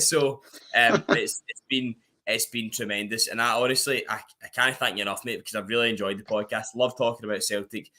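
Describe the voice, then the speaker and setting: A man's voice: fairly low pitch, fairly even intonation, fairly quick, bright, forceful tone, slight background noise. A man appearing as a guest on a fan podcast, speaking earnestly in casual chat and calling the host mate.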